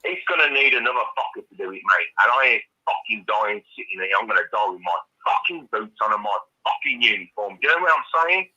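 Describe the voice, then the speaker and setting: A man's voice: lowish voice, expressive, fast, hardly any pauses, pushed and bright, dull audio. A man calling in by phone to a live chat, ranting furiously and swearing constantly. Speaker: caller. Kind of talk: angry call-in rant. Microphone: phone call.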